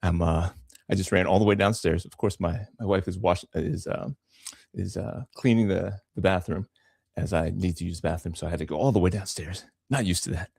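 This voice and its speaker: A comic artist hosts a live drawing stream from home, rambling casually with lots of fillers and repeated words and sounding a little out of breath. His voice is low, dark-toned and breathy, with vocal fry and fairly even intonation at a brisk pace, and the clean studio sound has no room echo.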